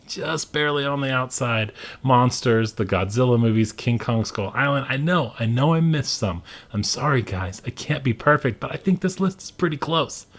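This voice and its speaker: A young man hosting a casual movie countdown, enthusiastic and repeating his praise often. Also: medium pitch. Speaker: host.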